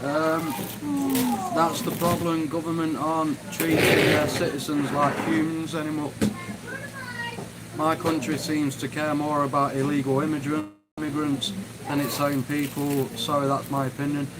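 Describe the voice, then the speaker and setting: A man's voice: on the high side, flat delivery, moderate pace, very noisy. A man hosting a live stream, ranting angrily and swearing heavily as he reads and answers chat. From United Kingdom. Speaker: livestream host.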